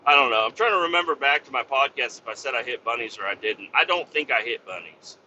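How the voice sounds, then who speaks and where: A man's voice: medium pitch, lively intonation, quick pace, pushed and bright, lo-fi sound, slight background noise. A man hosting a podcast, talking in a casual, rambling, profane monologue full of fillers. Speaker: podcast host.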